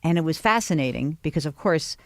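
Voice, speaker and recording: A woman hosting a radio show in a broadcast studio, chatting with a guest and telling stories with animated delivery. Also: low-pitched, fairly quick, no room sound. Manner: lively storyteller, acts out voices. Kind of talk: casual interview chat.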